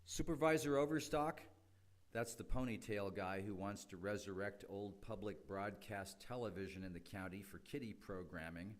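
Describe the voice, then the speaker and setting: A man's voice: on the low side, normal speed, natural voice. A man voicing a sarcastic, scheming board chairman in a satirical cartoon, with a dry, mocking manner.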